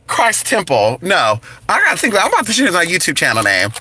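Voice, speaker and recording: Sassy, lively man with a bright voice. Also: high-pitched, husky, dry recording. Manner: sassy, campy, drawn-out and expressive. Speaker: channel host reading live chat. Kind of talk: casual livestream chat.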